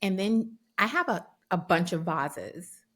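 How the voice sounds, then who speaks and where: A woman's voice: mid-range voice, moderate pace. A woman in her thirties co-hosting a casual chat podcast, telling stories with lots of animation and acting out what others said. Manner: animated storyteller, acts out quoted dialogue. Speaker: podcast co-host.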